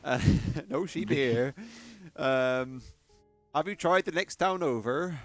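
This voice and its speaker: A man's voice: medium pitch, expressive, slow pace, no echo, faint music behind. A man voicing a bumbling male noble in a West Country accent, with a sly, folksy, chuckling delivery. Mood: innocent.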